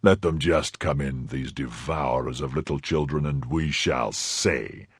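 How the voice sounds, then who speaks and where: A man doing a calm, jeering nobleman. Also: low-pitched, slow, gravelly, slightly rough, no echo, studio quality, heavily acted. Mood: grim.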